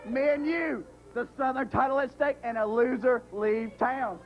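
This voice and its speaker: A man's voice: extremely high pitch, steady tone, normal speed. A young man, a wrestler, trash-talking a rival in a brash, mocking promo. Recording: dull lo-fi 1990s TV broadcast.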